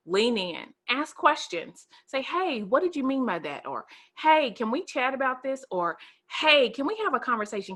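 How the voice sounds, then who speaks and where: Bright-voiced woman hosting a chat. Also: mid-range voice. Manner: animated, emphatic, laughs easily. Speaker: host. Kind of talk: casual talk show chat.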